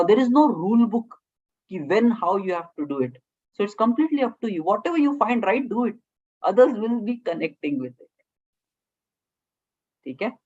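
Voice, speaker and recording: A woman's voice: low-pitched, a little mellow, husky, lo-fi sound. A woman with an Indian English accent teaching communication skills. She speaks in short phrases, often checks in with "okay?", and slips Hindi words into her English. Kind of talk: classroom lecture.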